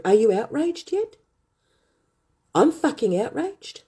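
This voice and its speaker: A woman's voice: medium pitch, animated, measured pace, dark tone, husky. A woman hosting her own online show, ranting furiously and scornfully at her viewers with insults and rhetorical questions. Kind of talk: angry ranting livestream monologue.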